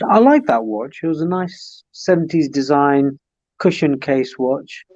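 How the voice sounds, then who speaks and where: A man's voice: fairly high pitch, lively intonation, a little slow, a little mellow, no room sound, highs cut off. A man hosting a livestream on a video call, chatting at length and reminiscing in detail. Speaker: livestream host. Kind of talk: casual chat.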